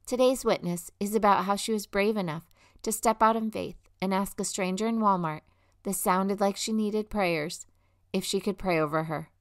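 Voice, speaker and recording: A woman's voice: mid-range voice, normal speed. Earnest woman hosting a faith show. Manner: warm encouraging, earnest. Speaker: host of a faith testimony show. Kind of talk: scripted devotional narration.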